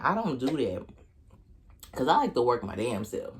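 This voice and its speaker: A young man from Oklahoma with a local accent, telling a profane, animated dating story while eating on camera. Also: medium pitch, moderate pace, a little hiss or hum. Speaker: vlogger. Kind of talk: storytime mukbang.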